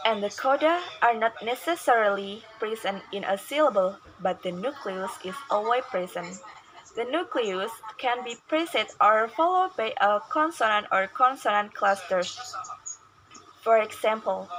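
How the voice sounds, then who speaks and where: A woman student giving a class presentation, reading out definitions and examples in a measured, explanatory way. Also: mid-range voice, a bit bright, slight background noise, poor audio.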